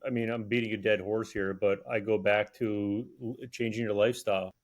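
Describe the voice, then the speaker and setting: A man's voice: fairly low pitch, fairly even intonation, fairly quick. A man on a health podcast explaining his advice in casual talk, earnest and repeating his key points. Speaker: podcast co-host, health guest expert.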